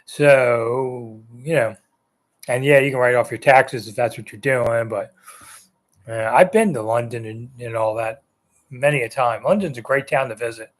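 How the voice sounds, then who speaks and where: The host, a man in his 60s, takes viewer comments on a live sports chat in an unhurried, medium-pitched voice. His replies wander loosely and are sprinkled with ums and uhs.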